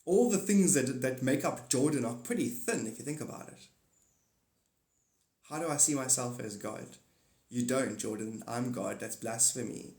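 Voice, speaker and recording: A man's voice: medium pitch, normal speed. Rambling man livestreaming in an echoey room. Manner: animated, answers chat comments aloud. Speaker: livestream host.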